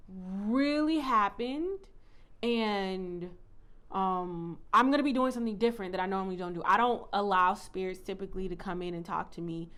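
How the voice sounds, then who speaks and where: A woman's voice: mid-range voice, fairly bright tone. A woman talking casually as a tarot reader in a vlog, blunt and defiant and swearing freely, recorded on a phone mic.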